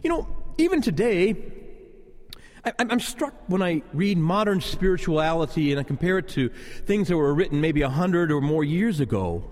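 A male priest preaches at Mass with a lively, rising and falling delivery. His voice carries a long church reverb, and he drops into slow, hushed tones for prayers. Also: on the high side. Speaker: Catholic priest. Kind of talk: sermon.

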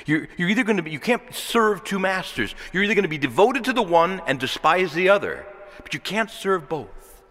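Male preacher, conversational sermon delivery, very expressive pitch, reverberant church sound. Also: fairly quick. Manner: animated, conversational preaching with rhetorical questions.

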